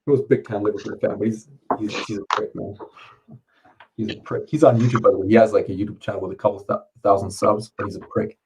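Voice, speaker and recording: A man's voice: lowish voice, fairly even intonation, fast, noisy background. A man chatting casually at home, rambling, swearing and laughing often. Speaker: streamer. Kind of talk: casual chat. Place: home, under curfew.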